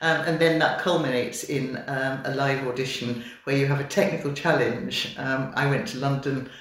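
A woman's voice: a bass voice, fairly even intonation, moderate pace. An older woman, a retired midwife, eagerly telling her story as an interview guest and laughing often. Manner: gushing, warm-hearted, laughs often. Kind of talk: enthusiastic conversational storytelling. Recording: very echoey room.

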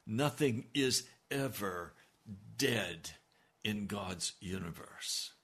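A man's voice: fairly low pitch, animated, drawn-out words, fairly bright tone, slightly rough. A man preaching a sermon as pastor, with emphatic delivery that swells on key lines.

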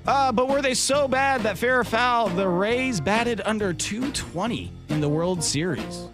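A man's voice: sits high, expressive, measured pace, over music. A man who produces a sports radio show, joining the casual banter with a self-deprecating manner.

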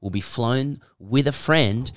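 A man's voice: medium pitch, slow pace, heavy background noise. A man co-hosting a podcast in casual chat, telling stories with lots of laughter and repeated restarts. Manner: chatty, laughing storyteller who repeats himself. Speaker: podcast co-host.

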